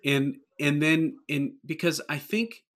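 Male pastor, podcast co-host, earnest and rambling, bright tone. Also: on the high side, slow. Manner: earnest, rambling with many restarts. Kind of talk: casual podcast conversation.

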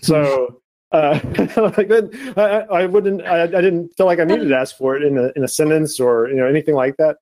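A man with a higher-pitched voice talks as a guest on a webcast. He tells stories about himself in a chatty, self-mocking way, often laughing mid-sentence. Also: moderate pace, darkish tone. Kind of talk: casual webcast banter.

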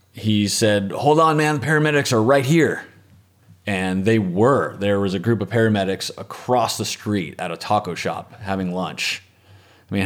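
Man, very low voice, interview storytelling, calm, reflective, trailing off. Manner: calm, reflective, measured, often trailing off softly. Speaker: interviewee, former medic and lifeguard.

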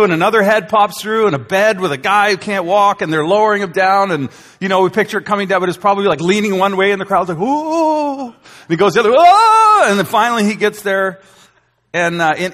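A man preaching a sermon as a pastor, telling the story in an animated way and acting out how the crowd reacts. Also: high voice. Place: church hall. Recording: long hall reverb.

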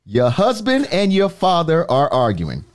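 A man with a drawl hosts a casual podcast. His pitch sits a little high and swings widely as he teases his co-host. He stretches out his words for emphasis. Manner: animated, teasing, drawn-out emphasis.

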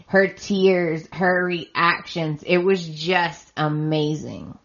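A woman's voice: fairly low pitch, fairly even intonation, very slow, fairly bright tone, lo-fi sound. A woman hosting a podcast, casually recapping a soap opera in a chatty way and retelling scenes with quoted lines. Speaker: podcast host.

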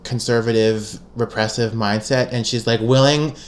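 A woman's voice: extremely low pitch, fairly even intonation, moderate pace. A woman co-hosting a podcast in casual chat, talking in loose restarts with many fillers and frequent laughs. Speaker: podcast co-host. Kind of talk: casual chat recapping a TV episode.

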